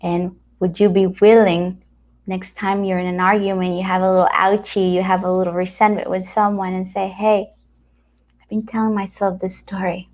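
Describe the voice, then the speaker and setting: A woman, a spiritual teacher giving a casual talk to camera, telling stories and acting out the dialogue. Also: medium pitch. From Latin America. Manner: animated storyteller who acts out quoted dialogue.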